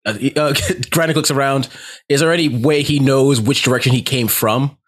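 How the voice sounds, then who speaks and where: A man's voice: medium pitch, fairly even intonation, moderate pace. A man playing a tabletop role-playing game, talking hesitantly with stammers and frequent laughs. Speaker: player. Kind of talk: tabletop role-play, playing his character in first person.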